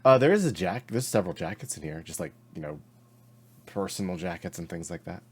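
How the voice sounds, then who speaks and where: A man narrating a tabletop role-playing game as game master, laughing often and pausing on fillers. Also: low-pitched, animated, a little hiss or hum.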